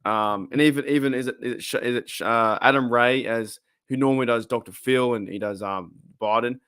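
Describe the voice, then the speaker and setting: A man's voice: medium pitch, brisk, fairly bright tone, clean tone, dry recording, studio quality. A man with an Australian accent hosting a casual live stream, rambling and chatty, reading out chat and laughing often.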